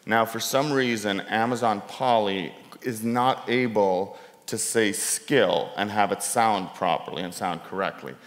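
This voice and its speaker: A documentary filmmaker speaks on a conference panel about his work, his fairly low voice unhurried and his sentences loose and often restarted. Long hall reverb surrounds the recording.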